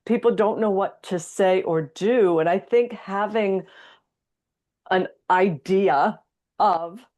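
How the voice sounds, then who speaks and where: A woman's voice: mid-range voice, takes it slowly, a little mellow, muffled recording. A woman hosting a podcast interview, a supportive listener who affirms her guest. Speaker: podcast host. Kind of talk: conversational interview.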